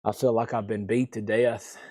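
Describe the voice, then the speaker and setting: A man's voice: fairly low pitch, little pitch movement, moderate pace, darkish tone, dry recording, studio quality. A man hosting a live record sale in rambling, self-mocking casual chat, sounding tired and worn out. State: tired and aching. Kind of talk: casual livestream selling chat.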